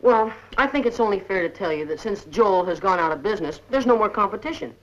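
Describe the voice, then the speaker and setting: A woman's voice: mid-range voice, expressive, quick pace, lightly acted. A woman acting a playful, scheming teenage son in a 1950s TV sitcom. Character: cheeky teenage son running odd jobs. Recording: dull old TV soundtrack, faint hiss.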